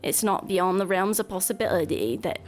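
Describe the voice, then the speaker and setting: A woman's voice: on the low side, lively intonation, fairly quick, close to an everyday voice. A woman voicing a smug, scheming male guildmaster in a game, with a put-on accent and a grand, formal delivery.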